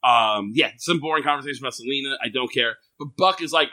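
A man's voice: medium pitch, fast, pushed and bright. A man co-hosting a casual recap chat, sarcastic and profane, laughing often. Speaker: podcast co-host.

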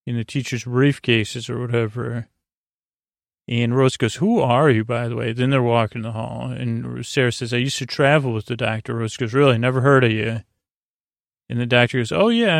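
Man, podcast host, monotone sleepy recap, gravelly, halting, dry close sound. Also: dry recording. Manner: halting, full of uhs and let's-sees; monotone, low-key delivery. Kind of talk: rambling bedtime episode recap.

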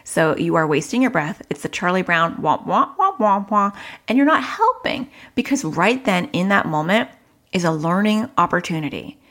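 A woman's voice: lowish voice, expressive, moderate pace, a bit bright. A middle-aged woman hosting a parenting advice podcast, chatty and self-mocking, sometimes acting out what a child might say. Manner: chatty, laughs at herself, acts out child voices. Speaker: podcast host.

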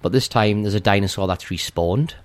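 A man with a lowish voice speaks briskly while co-hosting a casual podcast. He walks through a video game level step by step in a methodical way.

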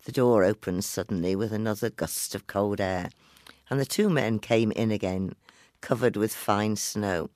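A man reading a story aloud in a measured, expressive way. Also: fairly low pitch, dry recording, studio quality. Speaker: narrator.

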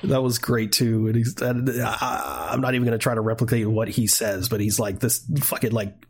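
A husky-voiced man in casual podcast conversation. He laughs a lot and slips into sarcastic jokes. His speech is loose and animated. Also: fairly low pitch, moderate pace. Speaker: podcast co-host. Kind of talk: casual chat.

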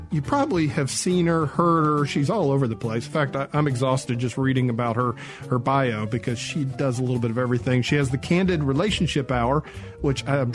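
A middle-aged man hosting a radio talk show, chatting casually and telling self-deprecating jokes. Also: medium pitch. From Tennessee. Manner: joking, self-deprecating storyteller.

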